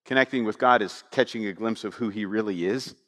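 A man preaching a sermon, animated and conversational, full of rhetorical questions to the congregation. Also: on the low side, a little fast, big-room sound. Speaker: pastor.

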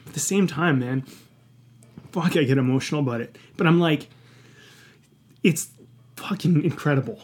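A man's voice: on the high side, moderate pace, long pauses, darkish tone. A man talking candidly in a podcast conversation, passionate and emphatic, swearing often and reflecting earnestly on his own past.

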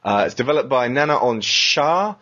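A man chatting as a podcast host, with a husky voice and an eager, profane way of talking. He acts out little quotes as he goes. The recording is dull and lo-fi. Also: mid-range voice, animated, normal speed, sharp tone. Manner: enthusiastic, swears freely, acts out quotes. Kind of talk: casual podcast chat.

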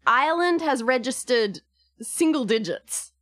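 A woman narrating a tabletop game as game master, with lively, laughing asides. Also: high voice, measured pace.

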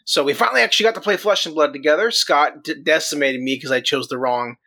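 A man's voice: on the high side, fast, pushed and bright. A man co-hosting a casual podcast, chatty and self-deprecating. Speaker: podcast co-host. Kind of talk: casual chat.

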